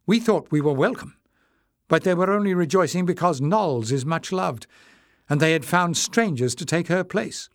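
A man's voice: fairly high pitch, expressive, normal speed, dry recording, voice pushed up. A man playing a stubborn young heroine from a fantasy storybook, urgent and emphatic, her voice raised well above his own. The sound is dry and close.

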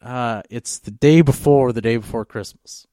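A man with a smooth, resonant voice spins a long, loose tale, circling back with fillers. The sound is dry and close, and his pitch sits mid-range. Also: normal speed, dark tone, dry recording. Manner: rambling, full of fillers and restarts. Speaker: podcast co-host. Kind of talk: casual storytelling on a podcast.

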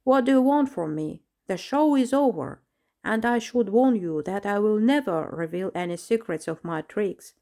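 A woman's voice: medium pitch, expressive, moderate pace, vocal fry, mellow. A woman voicing an old male fakir magician who talks firmly and dismissively in a storybook reading.

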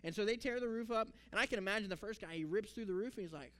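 High-voiced male pastor, animated. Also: very fast, faint music behind. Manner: animated storytelling, acts out the characters. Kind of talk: sermon.

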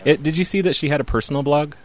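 A man's voice: fairly high pitch, rapid-fire. A man hosting a prank call show, chatting casually, laughing and rambling mockingly.

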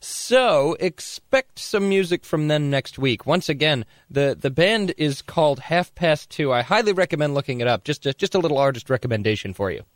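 A man's voice: a little high, animated, moderate pace, few pauses, no room sound. A young man hosting a college radio show in a studio, chatting casually and rambling between songs. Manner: rambling, chatty, self-amused. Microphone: studio microphone.

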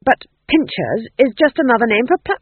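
A man's voice: very high voice, sing-song, brisk, slightly rough, no echo, voice pushed up, heavily acted. A man playing a nervous, pleading king's ghost. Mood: anxious. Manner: pleading, eager to please. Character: anxious ghost of a man, a former king. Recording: narrow phone-like sound.

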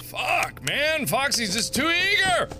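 A man giving let's-play commentary in loud, profane outbursts and frustrated shouting. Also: very high-pitched, big pitch swings, slow. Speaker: gamer. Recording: clear game music under the voice. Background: game music.

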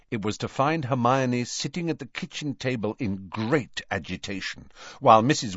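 A man reading an audiobook aloud in an expressive storytelling manner. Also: fairly low pitch, dry recording, muffled recording. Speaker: audiobook narrator. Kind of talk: scripted narration.

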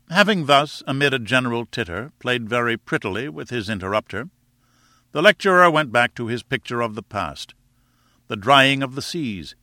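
A man reading a classic novel aloud in measured, expressive storytelling narration. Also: mid-range voice, no room sound, studio quality. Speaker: audiobook narrator. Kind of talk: scripted narration.

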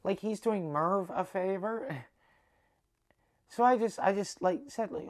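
A young Canadian podcast host with a high voice speaks slowly and pauses often. He tells a long, rambling story in an animated monologue, swearing freely and acting out quoted dialogue.

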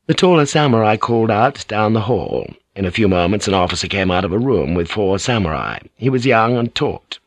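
A man's voice: lively intonation, brisk, hardly any pauses, no room sound. A man narrating an audiobook in a scripted style, shifting his voice slightly for characters. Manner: voices characters with light shifts in pitch and broken English.

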